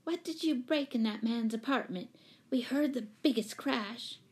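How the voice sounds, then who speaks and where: A woman reading aloud puts on a chatty young girl in a storybook, higher and lively. Her questions rise quickly. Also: close to an everyday voice. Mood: girlish.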